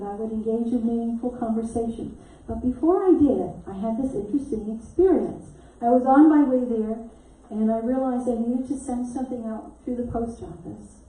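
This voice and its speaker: Warm-toned woman minister in an echoey hall. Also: fairly high pitch. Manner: animated storyteller who acts out quotes and laughs often. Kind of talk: storytelling sermon. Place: church sanctuary. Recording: echoey hall mic from a distance.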